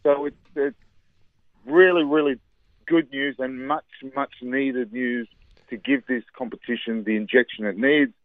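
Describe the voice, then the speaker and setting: A man's voice: medium pitch, fairly even intonation, unhurried, no room sound. An Australian man talking football as a radio pundit over the phone, chatty and repeating words for emphasis. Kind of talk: phone-in radio sports chat. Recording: tinny phone line.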